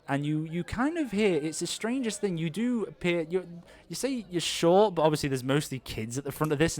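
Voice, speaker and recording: A man narrating as game master of an improvised tabletop game, rambling with many restarts. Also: mid-range voice. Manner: rambling, lots of fillers and restarts.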